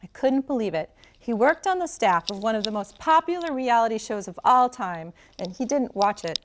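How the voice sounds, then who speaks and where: A woman author reads her own novel aloud, first person and steady. Her voice sits somewhat high. The narration is clear and evenly paced, like an audiobook reading. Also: moderate pace, slight background noise.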